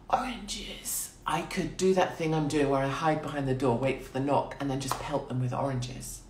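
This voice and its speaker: A woman's voice: deep voice, normal speed, slight background noise. A woman in her forties chats on a phone livestream from a small quarantine room. She swears freely, laughs often and rambles in a crude, irreverent way. The small room gives her voice a noticeable echo. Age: 40s. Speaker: livestream host. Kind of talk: casual livestream chat.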